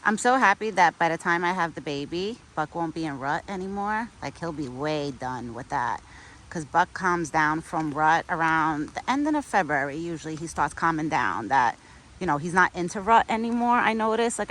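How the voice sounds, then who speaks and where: A young pregnant woman vlogging outdoors on a windy day, chatting casually with lots of "like" and a soft, affectionate way of talking. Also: on the low side, rough recording.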